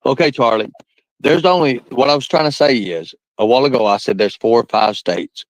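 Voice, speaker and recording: A man's voice: medium pitch, a little fast, no room sound, rough recording. A man talking casually as a guest on a live stream, rambling and repeating himself as he works through his points. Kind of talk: casual talk.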